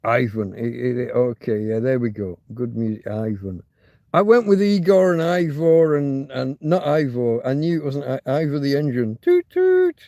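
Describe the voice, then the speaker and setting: A man's voice: mid-range voice, normal speed, dark tone, no echo. A man hosting a loose livestream, thinking aloud and muttering asides as he reads viewers' chat. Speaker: livestream host. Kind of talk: rambling live chat with viewers.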